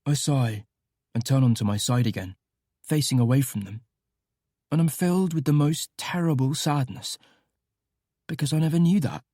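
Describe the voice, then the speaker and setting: A man giving soft, wistful first-person audiobook narration. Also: mid-range voice, normal speed, long pauses, no room sound, studio quality.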